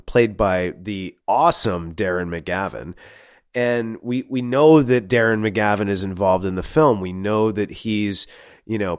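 Man, casual podcast co-host, animated, laughing, dry close sound. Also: on the low side, no echo. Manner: animated, laughing, heavy use of "like". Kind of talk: casual movie review chat.

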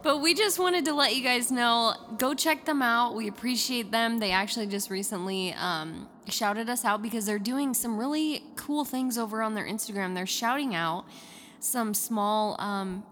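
A woman's voice: on the high side, moderate pace, a bit bright. A woman co-hosting a paranormal podcast, chatty and casual, with many fillers. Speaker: podcast co-host. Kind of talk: casual chat.

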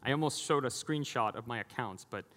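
A man's voice: mid-range voice, brisk, a bit bright. A middle-aged man preaching a sermon as pastor, conversational and jokey, acting out the voices he quotes. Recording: long hall reverb.

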